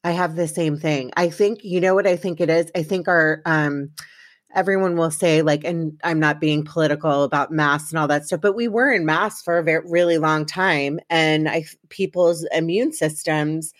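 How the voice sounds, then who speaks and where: A woman's voice: deep voice, moderate pace, no echo, clean studio sound. A woman hosting a podcast, chatting casually and rambling with restarts. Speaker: podcast host. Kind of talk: casual chat.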